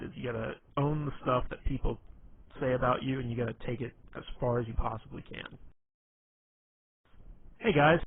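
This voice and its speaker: A man's voice: mid-range voice, slightly rough. A man giving casual dating advice in a rambling way, full of fillers and restarts. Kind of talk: casual instructional talk. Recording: tinny phone-like audio with faint noise.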